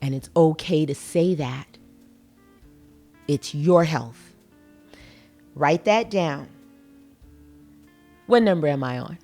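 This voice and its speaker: Slow, low-voiced woman podcast host. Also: a little mellow, faint music behind. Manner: emphatic, playful, acts out dialogue. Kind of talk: casual solo podcast talk.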